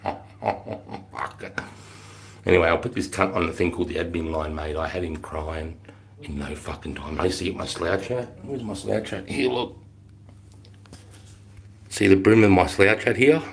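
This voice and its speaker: Middle-aged aussie bloke, very low voice, swears a lot, blunt army yarns, yells out drill-sergeant lines. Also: male voice. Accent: Australian. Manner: blunt and profane, bursts into shouted drill-sergeant quotes. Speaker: former army recruit instructor. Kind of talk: casual livestream storytelling.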